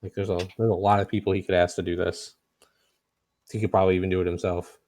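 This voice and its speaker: A man running a tabletop game as game master, describing scenes in a relaxed, hesitant way. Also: deep voice, quick pace, slight background noise. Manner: relaxed, hesitant, many fillers.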